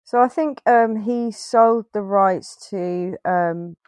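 A woman's voice: mid-range voice, takes it slowly, darkish tone, no room sound, clean studio sound. A woman chatting casually about films as a podcast co-host, rambling and correcting herself as she goes. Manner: rambling, self-correcting, laughs often. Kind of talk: casual film review chat.

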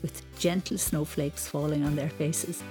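A woman narrating a children's storybook in a calm, gentle, measured way. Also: low voice, music in the background.

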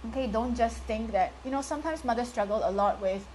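A woman's voice: on the high side, quick pace, darkish tone, slight background noise, low-quality recording. A woman who is a stay-at-home mother and community builder, talking earnestly and emphatically in a casual interview, with frequent fillers.

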